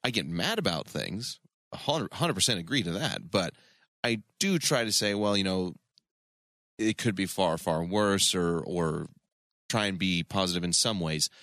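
A man's voice: low voice, expressive, normal speed, a bit bright, dry recording, studio quality. A man co-hosting a podcast, chatting casually with a sarcastic, wry manner. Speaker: podcast co-host. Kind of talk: casual chat.

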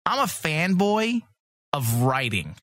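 A man's voice: a little high, big pitch swings, takes it slowly, fairly bright tone, no room sound, clean studio sound. A man hosting a comics podcast, talking in blunt, profane, rambling casual chat. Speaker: podcast host.

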